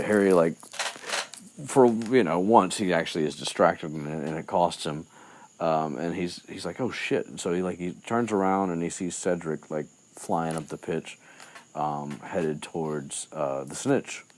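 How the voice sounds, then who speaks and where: A man's voice: a bass voice, darkish tone. A man recapping a book chapter in loose, rambling chat, with lots of fillers and restarts. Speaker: podcast host.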